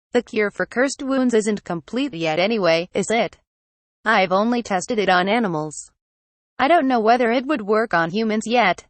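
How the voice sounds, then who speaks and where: A patient, soft-spoken nobleman from a fantasy audiobook, as a woman reader voices him. He talks in a measured, reasonable way, at a middle pitch. The sound is close and dry. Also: no room sound, natural voice.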